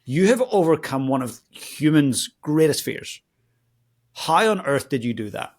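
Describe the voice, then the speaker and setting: A man's voice: on the high side, very animated, a little slow. Earnest male podcast host asking questions. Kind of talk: podcast interview conversation.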